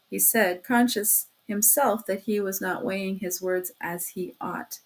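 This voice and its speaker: A woman narrating a classic novel as an audiobook in a steady, measured storytelling manner. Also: mid-range voice. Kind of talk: audiobook reading.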